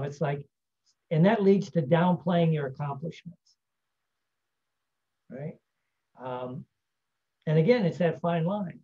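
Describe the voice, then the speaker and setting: In a lo-fi recording, a man with a fairly high, warm voice delivers a casual teaching monologue on self-help. He rambles and frequently tags his points with "right?".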